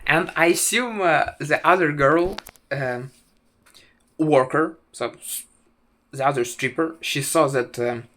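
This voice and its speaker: Slow, halting young man. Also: fairly high pitch, sharp tone. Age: 20s. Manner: halting, full of "uh" fillers and restarts; wry, self-mocking. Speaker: vlogger. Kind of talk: casual storytelling to camera.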